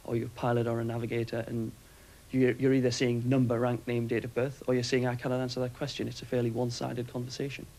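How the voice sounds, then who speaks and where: A man who served as aircrew, giving a steady, matter-of-fact account in a documentary interview. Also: mid-range voice, quick pace, few pauses, a little hiss or hum, rough recording. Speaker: former RAF aircrew interviewee.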